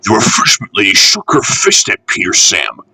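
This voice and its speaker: A man reading a children's railway storybook aloud in an expressive, measured way. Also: fairly low pitch, slightly rough, no room sound.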